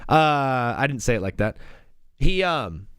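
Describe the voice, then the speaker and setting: A man's voice: medium pitch, big pitch swings, measured pace, a bit bright, smooth, dry recording, studio quality. A young man hosting a live sports stream, rambling and joking in a casual way with lots of "dude" and "bro".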